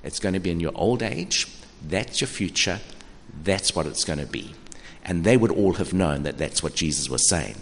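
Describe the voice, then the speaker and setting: An older man in his sixties delivers a sermon in a conversational, animated way, stumbling over repeated words as he thinks aloud. His low voice swings widely in pitch. The sound carries a long reverb from a large hall, with faint ambient noise underneath. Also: normal speed. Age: 60s. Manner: conversational, animated preaching with frequent restarts. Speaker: pastor.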